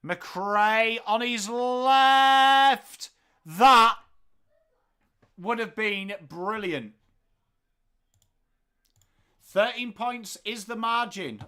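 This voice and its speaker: An English man hosting a live football watchalong, calling the play and joking with chat viewers in an excitable, playful way. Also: high voice, slow, pauses often. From England. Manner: excitable, jokey, bursts into loud calls of the play. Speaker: watchalong host.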